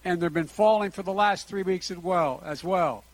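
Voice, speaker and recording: Brief: older male politician at a podium, high-pitched, measured and emphatic. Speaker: politician giving a speech. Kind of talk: prepared public speech.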